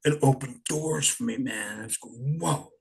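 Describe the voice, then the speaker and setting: A man's voice: mid-range voice, moderate pace, gravelly, a little mellow, breathy edge. A man in his sixties telling stories in a rambling, laid-back way, swearing often. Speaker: interviewee, punk musician. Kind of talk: casual storytelling.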